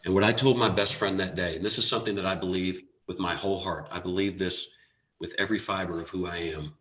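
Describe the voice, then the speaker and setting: A man giving a motivational talk, telling a personal story earnestly with dramatic pauses and rising emphasis. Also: sits low, steady tone, fairly bright tone. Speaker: motivational speaker. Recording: echoey room.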